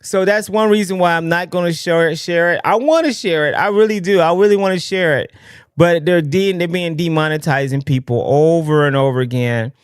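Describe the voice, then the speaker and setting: A man hosting a casual live political commentary stream, talking in an excitable, rambling way with lots of restarts. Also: on the high side, brisk, smooth, no echo, clean studio sound. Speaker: livestream political commentary host.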